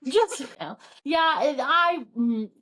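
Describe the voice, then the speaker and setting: Woman, high-pitched, chatty, casual podcast co-host. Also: expressive, takes it slowly, a bit bright. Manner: chatty, swears, retells plots with lots of "like". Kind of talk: casual book chat.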